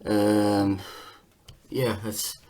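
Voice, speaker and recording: A man talking casually to camera in a vlog, rambling and halting with many fillers and restarts as he reads through results on screen. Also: fairly low pitch, little pitch movement, warm tone. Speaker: vlogger.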